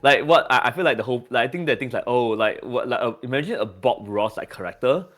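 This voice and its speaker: A man's voice: mid-range voice, quick pace, fairly bright tone. Guy on a voice chat, stutters and restarts a lot, lots of "like" and "you know", a bit of music faint behind. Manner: stammering, many repeated words and fillers. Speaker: community member. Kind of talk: casual voice-chat discussion.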